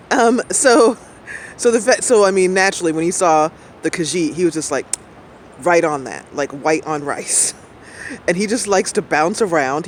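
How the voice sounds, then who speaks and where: A middle-aged woman talks in a loose, rambling way, laughing often between thoughts. She is outdoors, and a faint hum of passing traffic sits under her voice. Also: sits low. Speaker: streamer. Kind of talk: casual chat.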